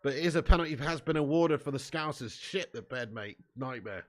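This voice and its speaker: A young man hosts a live football watch-along stream, commentating and reading chat messages aloud over slight background noise. His medium-pitched voice is animated and fairly quick. He swears and bants constantly, veering from glum muttering to shouting and laughter.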